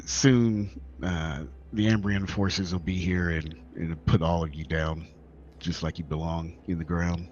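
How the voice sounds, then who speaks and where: Very deep dude playing a tabletop game, casual and a bit hesitant, muffled lo-fi mic. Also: male voice, steady tone, a little slow, darkish tone. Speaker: player.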